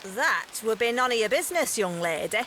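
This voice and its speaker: An actress voicing a suspicious, nosy old village woman, speaking bluntly and slowly. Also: a little high, animated, a bit bright, slight background noise. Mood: prying. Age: older. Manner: blunt, prying, slow and drawn-out. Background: game music and rain.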